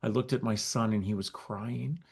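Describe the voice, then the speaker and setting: A middle-aged man, a guest on an interview podcast, telling his story with lively acted-out dialogue. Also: fairly low pitch, normal speed, vocal fry, breathy edge. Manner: animated storyteller acting out quoted dialogue. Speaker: guest, nonprofit founder.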